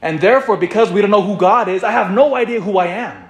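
A man giving a sermon as a priest, animated and full of rhetorical questions, often repeating himself. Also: sits high, fast, echoey room, dull audio. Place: church.

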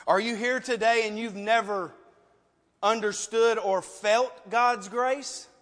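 High-pitched guy preaching, emotional and loud, lots of questions, big echoey church hall. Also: fairly even intonation, slow pace. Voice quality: passionate, emotional, loud at times. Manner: rhetorical questions, pleading. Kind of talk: sermon with altar call. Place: church sanctuary. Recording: long reverb of a large hall.

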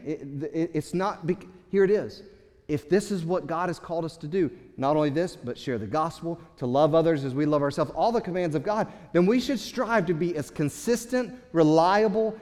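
A man preaching a sermon as pastor, swinging between loud, urgent passages and hushed, quiet ones. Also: on the high side, big-room sound.

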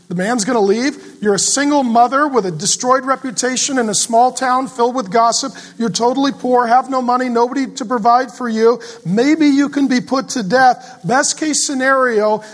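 A middle-aged man preaching a sermon, swinging from loud emphatic passages to a soft, fatherly hush. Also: extremely high pitch. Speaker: pastor.

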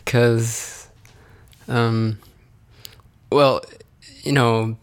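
A man guesting on a podcast in casual chat, hesitant and soft-spoken with many fillers. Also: medium pitch, fairly even intonation, extremely slow, clean tone.

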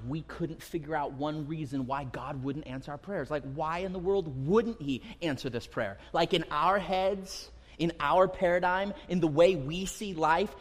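A man in his thirties preaching a sermon to a congregation, talking casually and acting out quotes with rising emphasis. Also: on the high side. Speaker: pastor. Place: church sanctuary. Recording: long hall reverb.

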